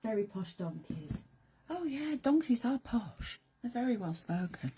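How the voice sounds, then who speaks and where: A middle-aged woman presenting a live craft demonstration, chatty and playful, sometimes dropping to soft whispered asides as she works. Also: on the high side, sing-song, a little slow, breathy edge. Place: craft studio.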